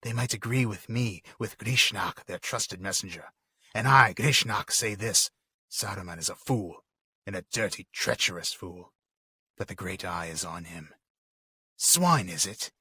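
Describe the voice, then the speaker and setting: A man's voice: low voice, measured pace, pushed and bright, breathy edge, dry recording, clean studio sound, full character voice. A man voicing a sly, scheming male orc messenger in a dramatic reading, sneering and insinuating.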